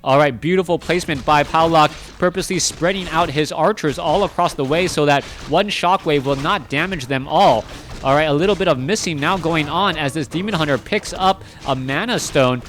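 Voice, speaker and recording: A man casts a strategy match on his own, talking through every move in a chatty, self-correcting way. His voice sits fairly high for a man. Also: moderate pace, a little hiss or hum. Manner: chatty, self-correcting, rising excitement in big moments. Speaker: esports caster. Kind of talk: solo play-by-play game commentary.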